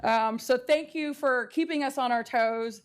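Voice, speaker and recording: A woman mayor in her middle years speaks into a dais microphone in a council chamber. Her voice sits a little high, and her farewell tribute is heartfelt and emotional, close to tears. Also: a little slow, clean tone.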